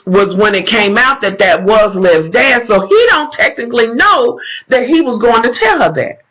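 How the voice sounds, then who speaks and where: A man recapping a TV episode in casual, animated, profane chat, calling his viewers y'all. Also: high voice, poor audio.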